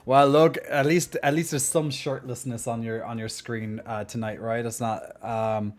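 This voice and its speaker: A man's voice: medium pitch, animated, unhurried, darkish tone. Cheeky joking male streamer. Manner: laughs often, many restarts, joking and cheeky. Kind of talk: casual live-stream chat.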